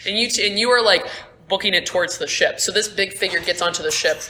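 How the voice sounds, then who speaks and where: A woman's voice: mid-range voice, fast, sharp tone. A young woman narrating as game master in a casual, swearing style, recorded on a phone in a room at school. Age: young adult. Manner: casual, swearing, laughs at own slips. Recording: echoey room, phone, faint noise.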